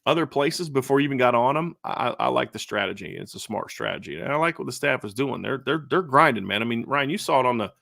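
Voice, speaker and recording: Gravelly-voiced man talking football. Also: medium pitch, lively intonation, fast talker, hardly any pauses, fairly bright tone, no room sound, studio quality. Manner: conversational, repeats words when starting a thought. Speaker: co-host. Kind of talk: casual sports talk.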